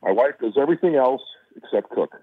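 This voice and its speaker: A man's voice: mid-range voice, lively intonation, fast, husky, dry recording. A man from Chicago, an actor being interviewed, telling stories casually and rambling with fillers and restarts over a call. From Chicago, USA. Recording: tinny phone-like line.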